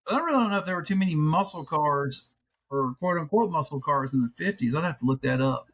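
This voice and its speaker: A man's voice: fairly high pitch, expressive, fast talker, fairly bright tone, breathy edge, lo-fi sound. A middle-aged man co-hosting a podcast in casual chat, rambling and restarting, swearing freely. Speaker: podcast co-host.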